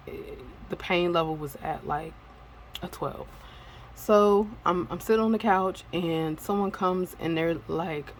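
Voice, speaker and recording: A woman's voice: fairly low pitch, gravelly, a little hiss or hum, rough recording. A woman telling a personal story in a casual vlog, candid and rambling, with many fillers. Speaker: vlogger.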